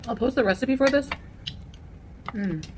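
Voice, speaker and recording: A woman vlogger chatting casually to her viewers while eating a meal, rambling and pausing to chew. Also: fairly high pitch, lively intonation, very noisy. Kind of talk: casual eating vlog chat.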